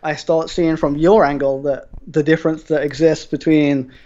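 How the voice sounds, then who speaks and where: A man's voice: fairly high pitch, level tone, normal speed, warm tone. A man guest on a podcast, chatting casually and rambling with lots of restarts. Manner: rambling, full of fillers and restarts. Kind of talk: casual chat. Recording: dull lo-fi sound.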